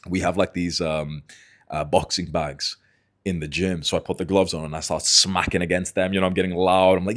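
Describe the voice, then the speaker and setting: A man in his late twenties telling a personal story to camera in a casual, animated way, swearing freely. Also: low-pitched, moderate pace. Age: 20s. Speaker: self-improvement YouTuber.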